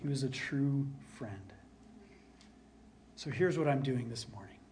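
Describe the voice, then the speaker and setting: An earnest man preaching as pastor speaks at a medium pitch and an unhurried pace, repeating important lines and now and then lowering to a soft hush. A faint hiss or hum can be heard.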